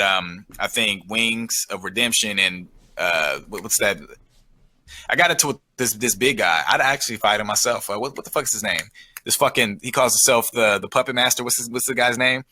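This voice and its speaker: A man's voice: on the low side, fairly quick, sharp tone, poor audio. A man telling a long, rambling story in casual chat, swearing often and restarting his sentences. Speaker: guest.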